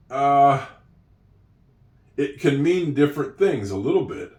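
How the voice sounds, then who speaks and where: A man from Oregon teaching English in a relaxed, chatty way, with fillers and light laughs. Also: medium pitch, slow pace, long pauses. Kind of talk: casual teaching talk. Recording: echoey room.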